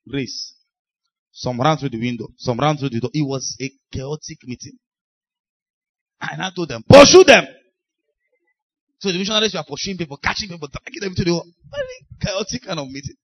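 A man preaching a sermon, telling deliverance stories with laughs and sudden shouted lines. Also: a little high. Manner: animated storytelling, laughing, shouting bursts. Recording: dull lo-fi recording.

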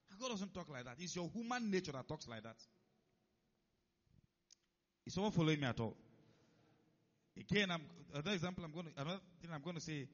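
A man's voice: on the high side, a bit bright. A man preaching a sermon, who keeps stopping to check that his listeners are following. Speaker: pastor. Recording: dull lo-fi recording.

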